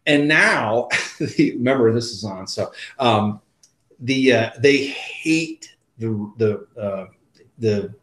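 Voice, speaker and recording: A man's voice: mid-range voice, slow, a bit bright. A man co-hosting a podcast in casual chat, rambling with lots of restarts and laughing as he talks. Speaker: podcast co-host. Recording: roomy studio sound.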